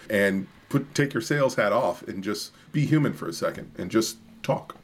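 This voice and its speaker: A man's voice: on the low side, lively intonation, normal speed, hardly any pauses. A man co-hosting a podcast, talking earnestly and restarting his sentences. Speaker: podcast co-host. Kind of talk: podcast discussion.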